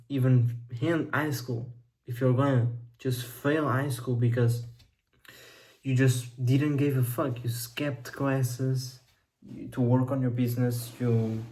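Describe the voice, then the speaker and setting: A man's voice: mid-range voice, measured pace, a little mellow, poor audio. A young man giving a blunt, profane motivational monologue as a coach, rambling and intense.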